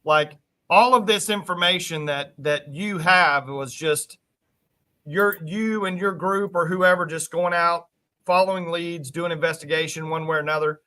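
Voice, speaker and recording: A man's voice: a little high, fairly even intonation, moderate pace, bright, forceful tone. A man co-hosting over a video call, asking casual questions. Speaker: co-host.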